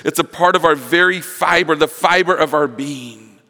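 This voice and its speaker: Male pastor, earnest sermon delivery with repeated phrases, bright forceful tone, big reverberant church hall. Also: a little high, moderate pace, faint music behind. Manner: earnest preaching with emphatic repetition. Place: church sanctuary.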